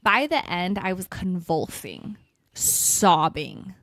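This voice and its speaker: A woman in her thirties co-hosting a podcast, telling a story with animated quotes and lively voices for other people. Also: fairly low pitch, slow pace, no room sound, studio quality. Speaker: podcast co-host. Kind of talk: casual chat.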